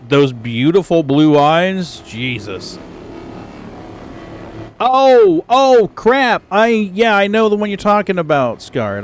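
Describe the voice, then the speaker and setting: Middle-aged male streamer, slow and easygoing, rambling chat with sudden exclamations, faint noise behind. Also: on the high side. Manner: chatty, rambling, exclamatory asides. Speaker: livestream host. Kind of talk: casual chat with viewers. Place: home computer setup.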